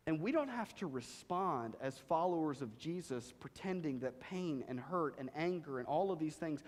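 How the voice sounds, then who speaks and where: A man with a high voice preaches in a church sanctuary. His delivery is dramatic, rising to loud emphasis and dropping to hushed, low lines. The sound carries a long hall reverb. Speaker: pastor. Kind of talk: sermon.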